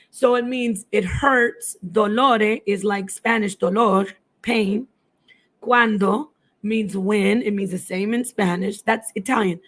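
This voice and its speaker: A woman's voice: mid-range voice, slow, fairly bright tone. A middle-aged woman hosting a casual live stream, chatting to viewers and switching between languages as she goes. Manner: chatty, hops between languages while answering chat. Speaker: livestream host.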